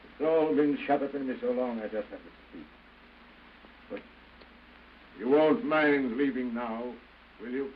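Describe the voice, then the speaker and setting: An actor playing a bitter, cold husband. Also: male voice, medium pitch, unhurried, long pauses, natural voice. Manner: cold, bitter, theatrical outbursts. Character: bitter, cold husband refusing his wife. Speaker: estranged husband. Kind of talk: early 1930s film acting. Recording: hissy lo-fi 1929 film soundtrack.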